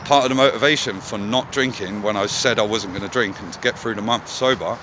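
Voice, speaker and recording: A man's voice: lowish voice, brisk, background noise. Blunt, swearing man outdoors. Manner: candid, frequent swearing. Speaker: vlogger. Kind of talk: casual monologue.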